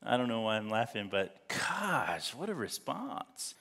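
A man's voice: lowish voice, big pitch swings, unhurried, creaky, pushed and bright. A man preaching a sermon as pastor, reading scripture aloud and breaking off into joking, laughing asides. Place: church sanctuary. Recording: long hall reverb.

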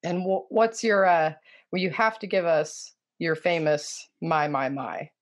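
A man's voice: on the high side, fairly even intonation, measured pace. A male podcast host speaks in a casual, conversational interview style. He keeps things light with jokey, self-deprecating remarks.

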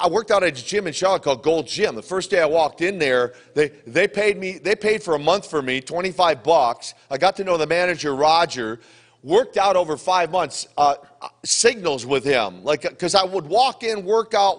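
A man in his sixties at a fan convention Q&A, telling lively, joking stories and acting out what people said. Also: a little high. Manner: animated, jokey storyteller, acts out quotes. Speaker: wrestling legend answering fan questions. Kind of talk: convention Q&A storytelling. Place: convention hall.

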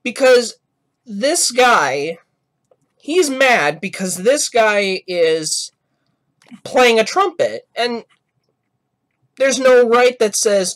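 A man's voice: very high-pitched, expressive, drawn-out words, long pauses, a bit bright. A man hosting a gaming channel, giving rambling, apologetic reaction commentary. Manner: rambling, apologetic, self-correcting.

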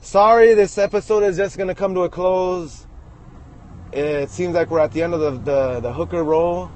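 A man's voice: fairly high pitch, normal speed, mellow. A man filming himself from inside a truck as he drives, rambling and joking in a crude, self-amused way. He restarts his sentences often. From Los Angeles area. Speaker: vlogger filming while driving. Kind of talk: rambling self-filmed commentary.

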